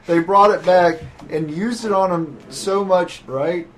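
A man's voice: high voice, measured pace, slight background noise. Easygoing young man musing on a podcast. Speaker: podcast co-host. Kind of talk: casual chat.

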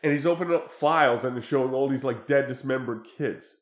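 A man's voice: mid-range voice, a little fast. A man recapping a film plot in casual chat, laughing often and stumbling through restarts. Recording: echoey room.

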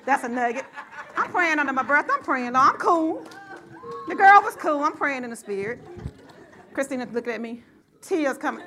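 A middle-aged woman preaching a sermon and telling a personal story, in a lively call-and-response style that rises to shouts. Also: sits high, moderate pace, pauses often, slight background noise.

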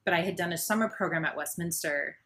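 A woman's voice: fairly low pitch, fast talker, fairly bright tone. A young woman from Arizona talking about her singing studies in a casual interview, hesitant and full of fillers. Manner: hesitant, many fillers and restarts. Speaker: guest singer.

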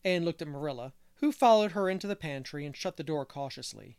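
A man reading a classic novel aloud as narrator, measured and unhurried. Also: a little high, clean tone, no echo. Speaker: audiobook reader. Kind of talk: scripted narration.

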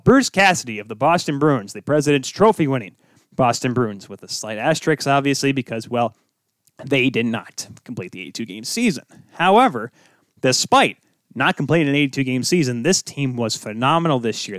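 A man's voice: medium pitch, fairly bright tone, no echo, clean studio sound. Rambling young man hosting sports talk. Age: young adult. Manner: rambling, self-interrupting, jokey asides. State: tired from little sleep. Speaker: podcast host. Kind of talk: casual solo sports talk.

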